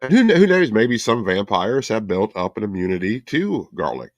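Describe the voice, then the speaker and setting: Low-voiced joking man cohost. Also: sing-song, normal speed, no echo. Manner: joking, laughs a lot. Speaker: co-host. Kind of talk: casual podcast chat.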